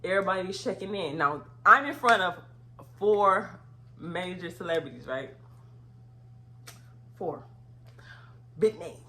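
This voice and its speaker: Young woman, casual storytime vlog, lowish voice, breaks into loud outraged retellings. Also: expressive, unhurried, pauses often. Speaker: vlogger.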